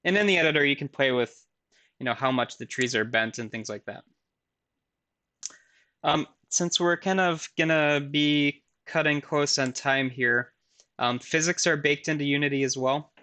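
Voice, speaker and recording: A man's voice: on the high side, moderate pace, bright, forceful tone. Casual, self-deprecating male lecturer. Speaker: university lecturer. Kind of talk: recorded lecture with live software demo.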